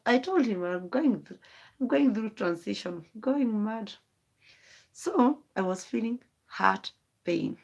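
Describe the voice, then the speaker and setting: A woman talks into her phone on a late-night livestream. She speaks at a middle pitch, and her thoughts wander and turn emotional as she rambles on to her viewers. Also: darkish tone, dull audio. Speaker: vlogger. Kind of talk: late-night live stream monologue.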